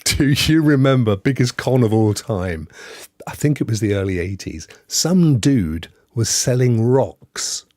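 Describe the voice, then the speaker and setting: A man's voice: medium pitch, lively intonation, a little slow, darkish tone, no room sound, clean studio sound. A man in his fifties from Devon with a West Country English accent, co-hosting a gaming podcast with teasing, jokey banter. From Devon, England. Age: 50s. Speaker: podcast co-host. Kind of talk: casual banter.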